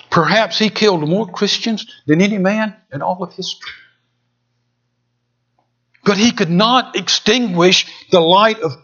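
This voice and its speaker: Male preacher, sermon, slow deliberate delivery, husky tone, dull lo-fi recording, dramatic swings from loud to hushed. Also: sits high. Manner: dramatic, swinging from loud emphatic peaks to hushed near-whispers. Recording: dull lo-fi sound.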